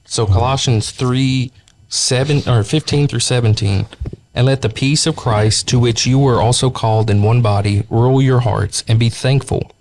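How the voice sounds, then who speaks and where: Man reading a bible passage on a podcast, slow and measured, middle pitch. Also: steady tone, darkish tone, slight background noise. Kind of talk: reading scripture aloud.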